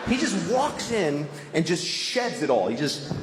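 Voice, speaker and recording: Brief: male stand-up comic, slightly high voice, ranting and crude, stage mic in a roomy venue. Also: big pitch swings, a little slow, noisy background. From Boston. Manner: profane, ranting, loud shouted bits. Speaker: stand-up comedian. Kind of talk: stand-up comedy set. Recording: echoey room with audience laughter.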